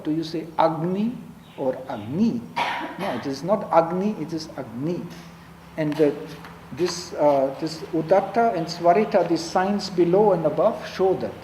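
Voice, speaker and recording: Guy teaching a chant class, kinda high but mellow voice, slow chant lines, faint room hum. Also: poor audio. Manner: explanatory, leads chant slowly for students to repeat. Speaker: Veda teacher. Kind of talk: lecture with call-and-response chanting.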